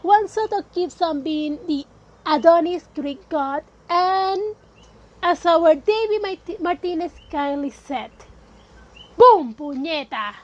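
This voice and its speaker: Woman with a cold doing her podcast, stuffy voice, high pitched, kinda muffled lo-fi mic. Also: slow, darkish tone. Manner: chatty and emphatic, mixes in Spanish phrases. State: sick with a cold, congested voice. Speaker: podcast host. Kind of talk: casual solo podcast talk.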